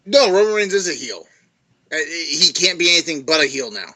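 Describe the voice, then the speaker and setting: A man co-hosting a podcast in casual chat, blunt, sarcastic and quick to swear. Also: fairly high pitch, very animated, sharp tone. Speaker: podcast co-host.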